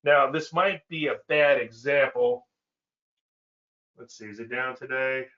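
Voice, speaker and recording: Heard through dull audio, a male trading educator hosts his live weekly show at a measured pace, his medium-pitched voice pushed and bright. He wanders off on tangents, chuckles at his asides, and keeps repeating phrases and starting sentences over.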